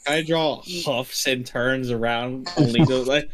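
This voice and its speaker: A man narrating his character's moves in a tabletop game. He talks slowly and rambles, circling back with fillers. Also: medium pitch, crowd noise. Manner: rambling, halting, with many fillers. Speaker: player. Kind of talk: casual tabletop play.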